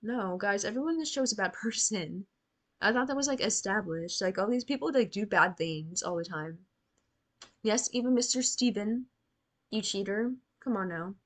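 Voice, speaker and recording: A woman's voice: mid-range voice, lively intonation, normal speed. A young woman talks through her reactions to a TV episode in casual commentary. She is blunt and sarcastic, swears often, and scolds the characters as if they could hear her. Her voice sits in a mid range.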